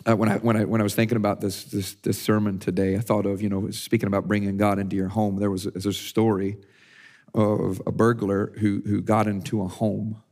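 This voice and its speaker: Low-voiced male pastor, conversational sermon. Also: little pitch movement, fairly quick, darkish tone. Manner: conversational, frequent restarts and repeated words.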